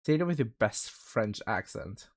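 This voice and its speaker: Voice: mid-range voice, lively intonation, measured pace. A livestreamer chatting casually with viewers, rambling with many fillers and laughing often. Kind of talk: casual stream chat.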